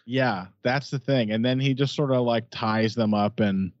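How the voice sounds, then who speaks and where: A man's voice: mid-range voice, moderate pace, no echo. A man co-hosting a podcast, breaking down fights in a loose, joking, hedging way. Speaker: podcast co-host. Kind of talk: casual fight-analysis chat. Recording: dull, dry lo-fi sound.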